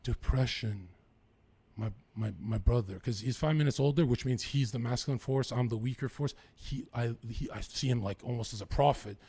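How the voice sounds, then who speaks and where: A young man from western Canada talks through a casual podcast chat in a gravelly voice. There is a husky, rough edge to his tone. He rambles from story to story and swears freely. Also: medium pitch, a little fast, few pauses, dark tone. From Lower Mainland, British Columbia, Canada.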